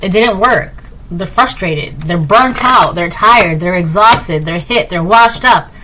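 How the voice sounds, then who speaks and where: A woman's voice: on the low side, expressive, slow pace, pushed and bright, slight background noise, poor audio. A woman giving a casual tarot reading, rambling with lots of "like" and "right?", breezy and dismissive. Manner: breezy and dismissive, repeats "blah, blah". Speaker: tarot reader.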